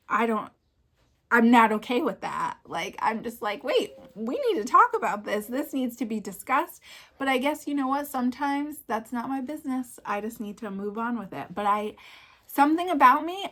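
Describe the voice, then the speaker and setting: A woman's voice: medium pitch, a bit bright. Gushing, chatty woman in her thirties. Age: 30s. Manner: chatty and gushing, lots of fillers. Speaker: vlogger. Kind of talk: casual book chat.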